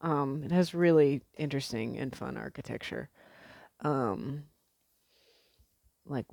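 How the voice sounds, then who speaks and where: A woman's voice: a bass voice, vocal fry, dark tone, breathy edge, dry recording. A young woman from the Midwest chatting casually to camera as a vlogger, rambling with lots of fillers and the odd swear word.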